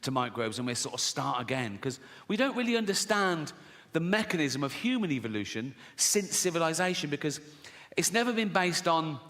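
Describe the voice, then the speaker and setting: A middle-aged comedian's voice, a little high and a bit bright, swings widely in pitch as he talks fairly quickly through a profane, mock-outraged rant. He's performing live stand-up on a theater stage before an audience, with long hall reverb and background noise.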